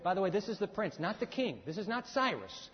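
A man preaching a sermon, dramatic, acting out the scripture characters in lively bursts. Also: high voice, fairly quick. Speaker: pastor. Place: church sanctuary. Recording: muffled hall recording with long reverb.

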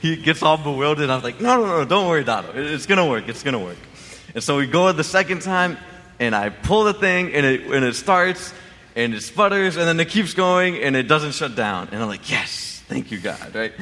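A man's voice: a little high, expressive, fairly quick, bright, forceful tone, long reverb tail. A man telling a personal story in a casual, rambling way, full of restarts and asides. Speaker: interviewee sharing a testimony.

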